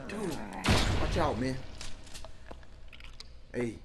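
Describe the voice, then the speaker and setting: Excitable man yelling through a game. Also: medium pitch, drawn-out words. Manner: excitable, yelps and shouts at enemies. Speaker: gaming video host. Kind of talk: casual gameplay commentary. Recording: noisy game capture.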